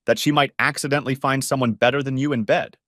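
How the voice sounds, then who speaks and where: A man reading a story aloud, voicing a calm, thoughtful woman who asks probing questions. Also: mid-range voice, no echo, studio quality, voice pushed up, natural voice. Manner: measured, probing.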